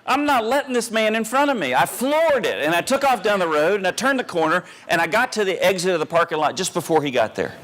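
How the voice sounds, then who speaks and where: A man telling a self-mocking comic story on stage, animated and full of pauses and restarts. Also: high-pitched. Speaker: humorous keynote speaker.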